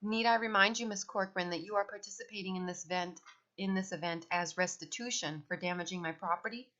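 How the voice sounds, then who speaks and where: A woman voicing a prim, strict etiquette teacher who speaks formally and corrects crisply. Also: fairly low pitch, steady tone, quick pace, sharp tone. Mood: stern. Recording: dull lo-fi recording.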